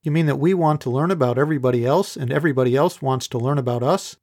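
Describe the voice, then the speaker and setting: A man voicing a sharp young female reporter in an audiobook, asking pointed, incredulous questions. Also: medium pitch, fast, lightly acted. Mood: amused. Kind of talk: audiobook character voice.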